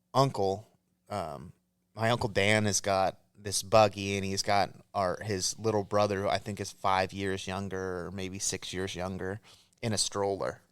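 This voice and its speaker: Low smooth-voiced guy on a podcast, swears a lot, chatty and rambling. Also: dry recording. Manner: rambling storyteller, swears freely, laughs a lot. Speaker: podcast co-host. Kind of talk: casual chat.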